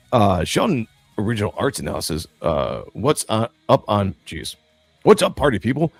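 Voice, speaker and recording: A man hosts a livestream in a loose, rambling, jokey way, often breaking into laughter. His voice sits fairly low and sounds dry and close. Faint music plays underneath. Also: sing-song, brisk, no room sound. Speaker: livestream host. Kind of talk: casual livestream chat.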